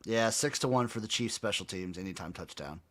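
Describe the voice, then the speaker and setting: A man co-hosting a casual sports betting podcast who is excitable and swears freely. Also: lowish voice, fairly quick. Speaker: co-host.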